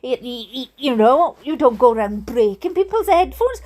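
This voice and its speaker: A woman's voice: high voice, sing-song, moderate pace, dark tone. A Welsh woman reading funny stories aloud, with chatty, giggly, mock-indignant asides. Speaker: storyteller reading viewer stories.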